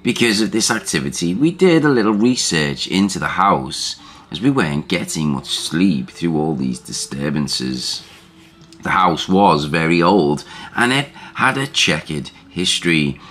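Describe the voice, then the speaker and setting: Deep, slow male storyteller. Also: animated, a bit bright. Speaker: narrator. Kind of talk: scripted narration of a first-person ghost story.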